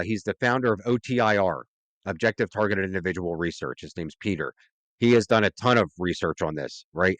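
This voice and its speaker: A podcast guest with a lowish voice talks earnestly and at length in a casual interview, frequently checking in with "right?". The recording is dry.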